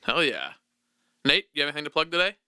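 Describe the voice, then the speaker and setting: A man's voice: on the high side, sing-song, fast talker, pushed and bright, smooth, no room sound. A man hosting a casual podcast in a studio, upbeat and jokey, laughing often. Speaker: podcast host.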